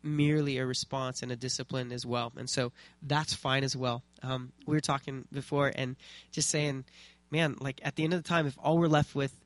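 A man talks loosely to a small church group about faith and creativity. He rambles, fills pauses and restarts his sentences. His voice is mid-pitched and the sound is dry and close, with no room echo. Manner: relaxed and rambling, many fillers and restarts.

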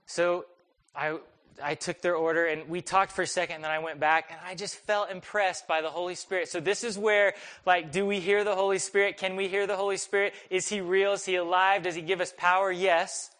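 A young man preaching a sermon, telling a personal story in a conversational, animated, self-deprecating way. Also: high voice, brisk. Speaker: pastor.

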